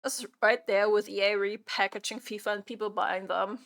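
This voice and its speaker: A woman streamer chatting during a live reaction stream, exasperated and repeating her own phrases out loud. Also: mid-range voice, fairly even intonation, normal speed, creaky.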